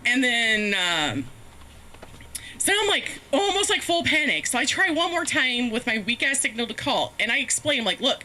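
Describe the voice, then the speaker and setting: Woman comic, high voice, bright tone, profane rambling anecdote, faint hiss behind. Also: lively intonation, normal speed. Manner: rambling, profane, self-mocking, laughs often. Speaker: comedian. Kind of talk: stand-up storytelling. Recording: faint background noise, live stream.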